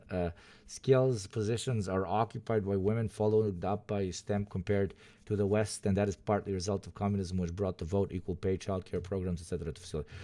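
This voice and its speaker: A man in his thirties giving casual, profane stream commentary, lecturing in a rambling way with lots of fillers and growing loud and emphatic when he rants. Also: lowish voice, dry recording, studio quality.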